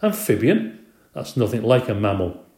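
A man reading aloud, voicing a small cheerful classroom pet hamster with squeaky, excited exclamations. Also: normal speed. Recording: roomy echo.

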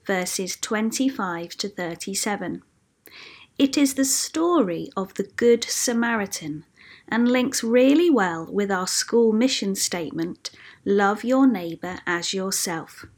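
A woman teacher reading a Bible story aloud in a clear, expressive storytelling voice. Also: medium pitch, slow pace. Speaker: school teacher.

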